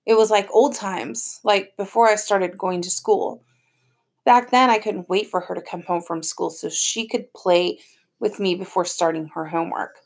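A woman's voice: mid-range voice, fairly even intonation, normal speed. A woman narrating an audiobook in plain first-person storytelling. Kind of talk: scripted narration.

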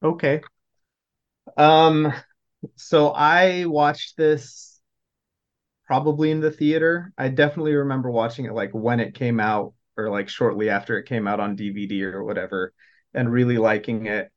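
A man's voice: mid-range voice, steady tone, normal speed. A man chatting casually as a podcast panelist, rambling with lots of "like" and "um". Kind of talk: casual chat. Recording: dull lo-fi recording.

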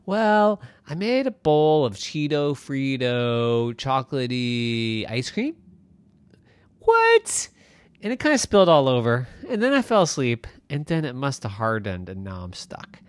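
A man voicing a whiny, excitable young boy in a bedtime story, pleading in a high voice. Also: unhurried, clear, resonant tone, no room sound. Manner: high, pleading, dramatic outbursts.

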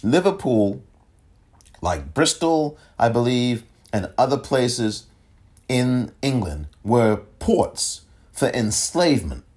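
A man hosting a political podcast, talking solo in an emphatic, animated way and often breaking off and restarting. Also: mid-range voice, slow pace. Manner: animated, emphatic, self-interrupting. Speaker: podcast host.

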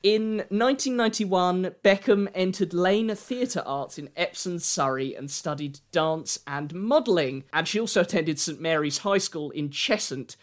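A man co-hosting a podcast, walking through researched notes with wry, deadpan asides. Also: high-pitched, measured pace, hardly any pauses. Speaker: podcast co-host. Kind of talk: casual chat.

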